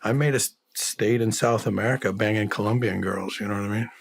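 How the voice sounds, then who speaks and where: A man's voice: lowish voice, fairly even intonation, fast, creaky. Man, middle-aged, interview guest, blunt, swears constantly, casual war stories. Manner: blunt, swears constantly, acts out quoted voices. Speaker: interview guest, former special forces soldier. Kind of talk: casual profane storytelling.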